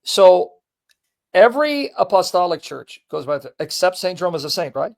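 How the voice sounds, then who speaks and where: High-voiced, emphatic man hosting a debate. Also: normal speed, vocal fry. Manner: emphatic, questioning, excitable. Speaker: host of a religious debate stream. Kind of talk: casual discussion, reading quotes aloud.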